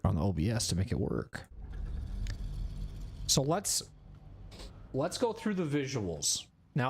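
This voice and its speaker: A man in his forties chatting casually on a gaming live stream, rambling, repeating himself and poking fun at himself. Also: fairly low pitch. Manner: rambling, self-deprecating, repeats phrases. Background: faint background music.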